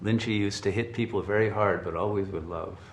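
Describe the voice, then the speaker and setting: A man giving a spiritual talk, telling a story in an animated, chuckling way with frequent restarts. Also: lowish voice, brisk, roomy sound, slight background noise. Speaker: spiritual teacher.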